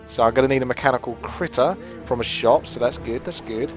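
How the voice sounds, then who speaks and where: A man's voice: medium pitch, brisk, hardly any pauses, soft background music. A man from Australia with an Australian accent, giving chatty, jokey commentary on a strategy game as he plays and thinks aloud. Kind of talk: casual gameplay commentary.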